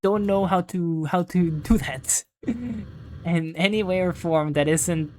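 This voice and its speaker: Young adult gaming host, casual play-along commentary, rambling and self-deprecating, leans on "like", mid-pitched voice with a faint hiss behind. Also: slow.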